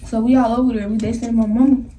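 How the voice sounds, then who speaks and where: A young woman vlogger telling a story in an animated, slangy way, laughing often. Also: fairly high pitch, rapid-fire. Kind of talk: storytime vlog. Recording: somewhat distant mic with faint noise.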